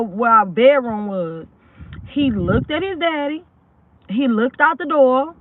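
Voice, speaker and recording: A woman's voice: fairly high pitch, no room sound. A woman recounts a personal story in a loose, rambling way, with lots of restarts and frequent check-ins with her listeners. The sound is thin and tinny, like a voice coming through a phone line. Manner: rambling, keeps asking "you know what I'm saying". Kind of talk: casual spoken true story.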